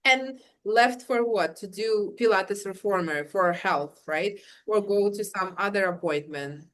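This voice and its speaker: A woman's voice: mid-range voice, a little slow, slight background noise. A woman, a working mother, in a casual podcast chat, talking fluently and leaning on repeated words for emphasis.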